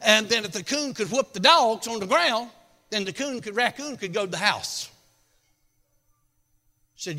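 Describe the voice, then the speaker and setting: A man preaching a sermon, telling a folksy tall tale with shouts and whoops. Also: high voice, animated, unhurried, long pauses, long reverb tail. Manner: shouting, hollering storyteller with whoops.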